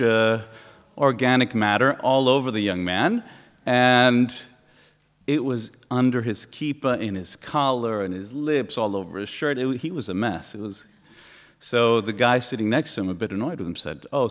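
A middle-aged male pastor giving a sermon, telling stories with animated, acted-out exclamations. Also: medium pitch. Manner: animated storytelling, acting out exclamations. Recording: long hall reverb.

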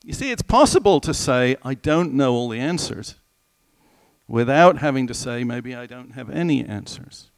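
A man preaching a sermon in a conversational, animated way, asking the listeners questions and slowing down for scripture. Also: medium pitch, no echo. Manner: slows right down when quoting scripture.

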